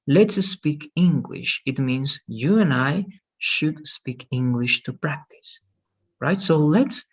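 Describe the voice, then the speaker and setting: A man's voice: mid-range voice, breathy edge. A man teaching English in an online lesson, patient and repeating "okay" and "right" often, heard over a video call.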